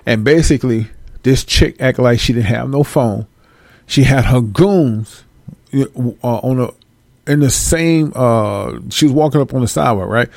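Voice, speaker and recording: Gravelly-voiced man ranting bluntly. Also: medium pitch, unhurried, no echo. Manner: blunt, preachy, animated, swearing. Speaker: vlogger. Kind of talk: ranting commentary to viewers.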